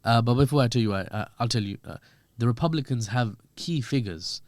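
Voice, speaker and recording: Male guest, mid pitch, dry booth sound, chatty commentary that jokes and acts out voices. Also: fairly quick, dry recording. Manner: animated, joking, acts out quoted voices. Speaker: podcast guest. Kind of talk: conversational political commentary.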